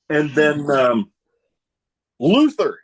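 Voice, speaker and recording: A man hosting a casual podcast chat, telling animated stories and laughing at his own jokes. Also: mid-range voice. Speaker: podcast host.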